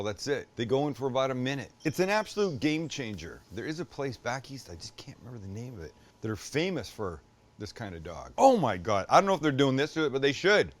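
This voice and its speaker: Enthusiastic man hosting a cooking show. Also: medium pitch. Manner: enthusiastic, jokey, talks to the viewer. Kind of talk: casual cooking demonstration.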